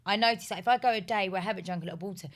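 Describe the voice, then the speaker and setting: A woman's voice: medium pitch, racing. A young woman, co-hosting a podcast in casual, giggly, informal chat. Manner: chatty, giggly, loose and informal. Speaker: podcast co-host.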